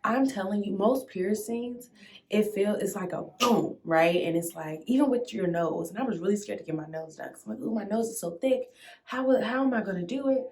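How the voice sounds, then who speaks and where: A young woman vlogger casually telling a dramatic storytime, full of slang, sudden squeals and loud outbursts. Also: mid-range voice, a little fast.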